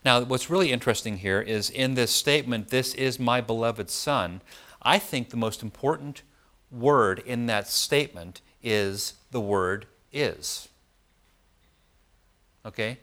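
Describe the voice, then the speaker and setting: A man's voice: medium pitch, a bit bright. Man teaching a Bible passage conversationally. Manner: conversational, checks in with "okay?". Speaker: preacher teaching scripture. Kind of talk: Bible study sermon.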